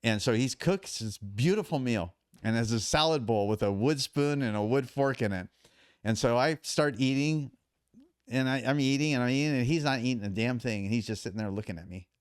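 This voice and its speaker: A man, a podcast guest and endurance athlete, telling animated stories in casual talk with many restarts. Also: mid-range voice, normal speed, smooth, no echo, clean studio sound. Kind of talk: casual storytelling.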